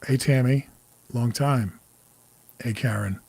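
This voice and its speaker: A man's voice: mid-range voice, takes it slowly, darkish tone, slightly rough, no room sound. A man in his forties hosting a casual livestream as a psychic medium, talking candidly, cursing freely and greeting viewers by name. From New York area. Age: 40s.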